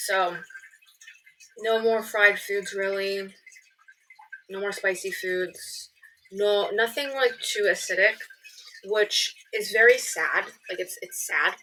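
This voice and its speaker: A woman's voice: mid-range voice, sharp tone, low-quality recording. A young woman telling stories in a casual vlog, chatty and swearing freely with lots of "like" fillers. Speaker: vlogger. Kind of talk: casual storytelling chat.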